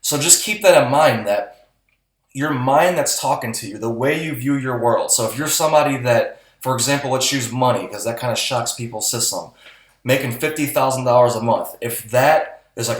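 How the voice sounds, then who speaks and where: A man's voice: medium pitch, fairly quick. A man co-hosting a podcast who talks in a blunt, motivational way and swears casually. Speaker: podcast co-host. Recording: roomy echo.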